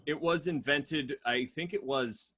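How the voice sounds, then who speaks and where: A man's voice: on the high side, unhurried, sharp tone, slightly rough. A young man from Connecticut co-hosting a casual podcast, explaining things in a rambling, self-mocking way. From Connecticut, USA. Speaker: podcast co-host.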